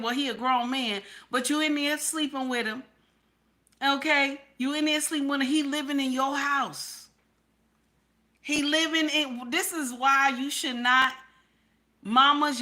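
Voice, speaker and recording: A woman's voice: high-pitched, bright, forceful tone. A woman hosting a live stream and talking with her chat in a casual way. She is blunt and profane, repeats her points, and keeps asking "okay?". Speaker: livestream host.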